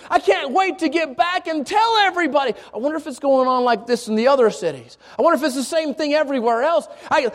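Male preacher, very high voice, animated sermon delivery with stammered repeats. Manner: animated, repeats words, acts out excited quotes.

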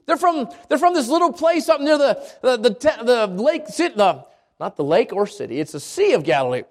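A man from Albuquerque preaching a sermon at a church service, moving between quick asides and slow, emphatic lines. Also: very high voice, very animated, a little mellow. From Albuquerque, New Mexico. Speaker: pastor.

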